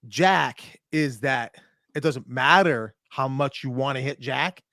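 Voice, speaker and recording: A man's voice: medium pitch, takes it slowly, no room sound, clean studio sound. A young man from Minnesota, a point fighter guest on a podcast, telling a story in casual chat and acting out the quotes. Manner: animated storyteller, acts out quotes.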